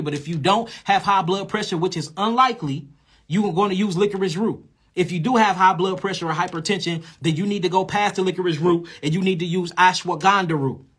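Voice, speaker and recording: A man's voice: sits high, a bit bright, slightly rough. A man giving a freewheeling holistic health lecture, emphatic and blunt, instructing listeners directly and cursing casually.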